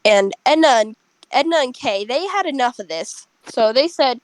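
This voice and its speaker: A young woman casually telling a rambling, animated story to friends over a headset. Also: high voice, moderate pace, dry recording, low-quality recording. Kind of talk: casual chat.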